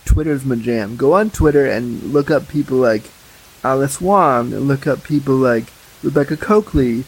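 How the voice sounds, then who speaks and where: A man with a husky voice, a podcast guest telling candid stories in a blunt, animated way. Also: mid-range voice, moderate pace, poor audio. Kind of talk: casual podcast chat.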